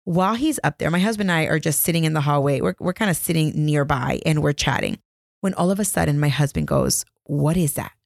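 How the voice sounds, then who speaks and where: A woman's voice: low voice, fast talker, gravelly, dry recording, studio quality. A woman in her thirties hosting a podcast from home, telling a story in a chatty, laughing, self-deprecating way. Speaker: podcast host. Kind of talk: casual storytelling. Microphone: podcast microphone.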